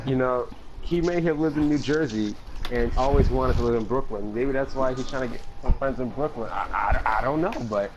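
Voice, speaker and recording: A man's voice: medium pitch, a little fast, dull audio, background noise. A man improvising as a mock political analyst, rambling and hesitant, leaning on "you know" constantly. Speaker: mock political analyst in game role-play. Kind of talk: improvised comedic role-play chat.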